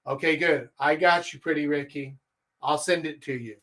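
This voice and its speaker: A man in a somewhat high register runs a live coaching session, talking straight to his viewers. He keeps it animated, pushing his voice up and down and speeding up or slowing down to show what he means, with plenty of rhetorical questions along the way. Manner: animated, shifts pitch and speed to demonstrate. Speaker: dating coach. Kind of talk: livestreamed coaching lecture.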